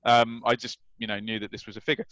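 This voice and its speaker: A man in his thirties, a guest telling anecdotes in an animated way and acting out the lines of the people in them. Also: medium pitch, fast talker, no room sound, highs cut off. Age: 30s. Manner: animated, acts out quoted lines. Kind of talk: anecdotal storytelling.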